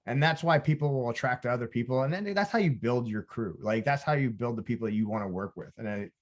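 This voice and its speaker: A man's voice: mid-range voice, animated, fast. A male podcast host talks in an ordinary mid-range voice. He asks loose, rambling questions full of fillers. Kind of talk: casual podcast conversation.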